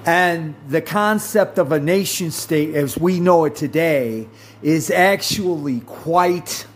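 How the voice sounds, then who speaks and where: Slow, rambling man with a higher voice. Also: slight background noise. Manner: slow and rambling, with many fillers and self-corrections. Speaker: podcast host. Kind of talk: casual monologue.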